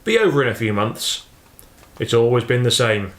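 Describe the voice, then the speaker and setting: A man voicing a gruff, blustering, patriotic farmer father in an audiobook reading. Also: medium pitch, sing-song, normal speed, lightly acted. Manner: loud, blustering, boastful. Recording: roomy echo.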